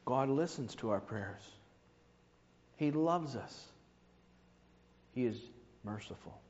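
A man's voice: mid-range voice, animated, slow pace, a little mellow. A man preaching a sermon in a conversational way, with rhetorical asides to the congregation. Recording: dull reverberant hall recording.

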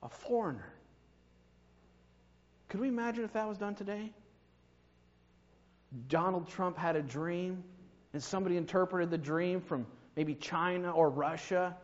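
A man's voice: sits high, measured pace, long pauses. A man preaching a sermon in a church, telling stories and driving his points home with emphasis. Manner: storytelling, rising to emphatic peaks. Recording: long reverb, dull lo-fi sound.

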